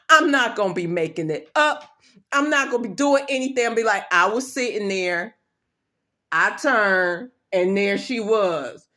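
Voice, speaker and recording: A woman's voice: mid-range voice, moderate pace, pushed and bright. A woman vlogger giving an emphatic, repetitive motivational talk in blunt, slangy everyday speech. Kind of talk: motivational pep talk to camera.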